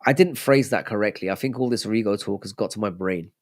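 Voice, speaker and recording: A young man hosts a casual live stream, chatting loosely and reading out viewers' messages before answering them. He talks fast in a lowish voice.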